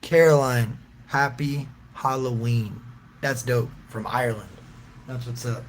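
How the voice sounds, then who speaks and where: A man's voice: medium pitch, unhurried, fairly bright tone, slight background noise. A man hosting a casual livestream, reading out viewers' comments and answering in a loose, joking, slangy way with frequent laughs. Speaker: livestream host reading chat.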